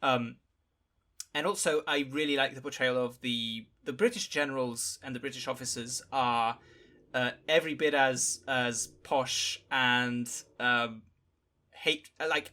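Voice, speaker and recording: A man with a bright, forward voice talks through a film on a podcast. He often stops, restarts and fills gaps with small sounds as he thinks. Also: medium pitch. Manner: halting, many fillers and restarts. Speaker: podcast panelist. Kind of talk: casual film discussion.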